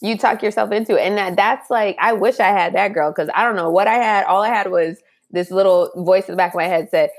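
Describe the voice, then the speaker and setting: A woman's voice: mid-range voice, brisk, few pauses. A young woman guest in a casual chat, talking candidly and reflectively in casual slang.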